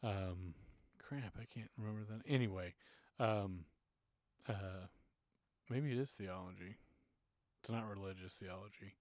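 A man's voice: low-pitched, measured pace, long pauses, a little mellow, no room sound, clean studio sound. A man from Texas, without a Texas accent, telling an earnest, self-deprecating story in a casual faith conversation.

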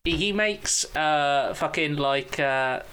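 A man on a casual film podcast who talks haltingly, often searching for words. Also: fairly high pitch, crowd noise. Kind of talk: casual film review chat. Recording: faint hiss.

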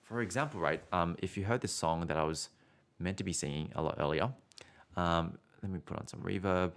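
A man's voice: low voice, brisk, a bit bright. A man giving a casual singing lesson as a vocal coach, chatty and encouraging, often ending points with "right?" and restarting words.

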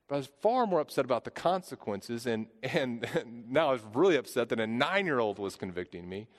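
A man's voice: medium pitch, big pitch swings, a little fast, hardly any pauses. A man in his thirties preaching a sermon, earnest, often repeating and restarting phrases. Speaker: pastor. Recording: long hall reverb.

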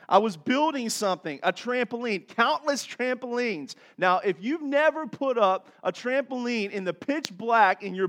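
A high-pitched, middle-aged man preaches a sermon as pastor, telling stories with animated swings from soft to loud.

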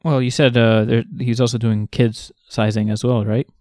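A man's voice: medium pitch, flat delivery, moderate pace, a little mellow, no echo, clean studio sound. A man co-hosting a casual chat, asking teasing, jokey questions and laughing easily. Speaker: co-host.

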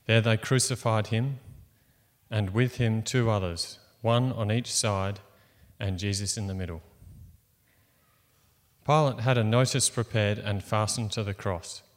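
A man reading scripture aloud in a plain, measured way. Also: on the low side. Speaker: scripture reader. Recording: long reverb of a large hall.

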